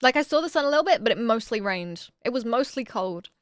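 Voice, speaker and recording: A woman streaming casually, reading viewer messages aloud and answering them with bursts of excitement. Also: on the high side, fast, clear, resonant tone, dry recording, studio quality.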